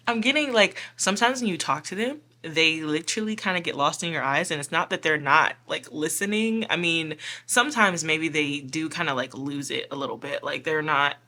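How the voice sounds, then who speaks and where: A woman's voice: low-pitched, moderate pace, pushed and bright. A woman giving a casual pick-a-card tarot reading, chatty and giggly, full of filler "like"s. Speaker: tarot reader.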